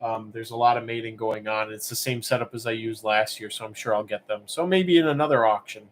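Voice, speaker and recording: A man's voice: fairly low pitch, fairly quick, slight background noise. Guy running a live stream auction, laid back, lots of ums and uhs. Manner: relaxed, rambling, many fillers. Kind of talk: casual live-stream chat.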